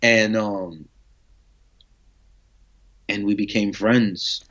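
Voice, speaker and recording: A man speaking very slowly in a lowish voice tells a long story as a guest in a casual interview. He's animated, acting out dialogue laced with slang and swearing, and the audio is muffled lo-fi.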